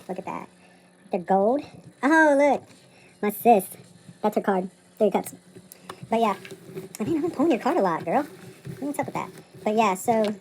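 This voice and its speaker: A woman's voice: mid-range voice, darkish tone, slight background noise. A woman reading tarot at her table late at night, talking in a loose, rambling, self-interrupting way. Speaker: tarot reader. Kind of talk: rambling casual vlog.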